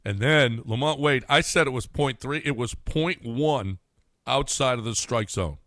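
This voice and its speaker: Radio host, male, relaxed chatter, dry studio sound. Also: mid-range voice, unhurried, no echo. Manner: chatty, laughs easily, trails off and restarts. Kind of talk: casual sports talk. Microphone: studio mic.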